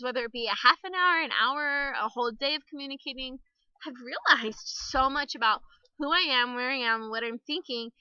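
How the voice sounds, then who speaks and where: High bright chatty woman vlogging outdoors. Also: smooth, dry recording, dull audio. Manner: chatty, candid, cusses, laughs often. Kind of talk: casual personal vlog to camera. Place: outdoors by the water.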